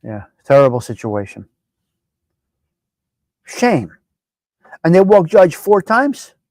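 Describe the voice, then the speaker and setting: A man hosting a casual live-stream chat, brash, profane and animated as he talks back at viewers by name. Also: high voice, no room sound. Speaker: live show host.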